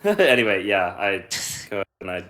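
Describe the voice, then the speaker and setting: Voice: sits low, very animated, moderate pace, a bit bright. A player at a tabletop game talking in a laid-back, hesitant way. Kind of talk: casual game chat.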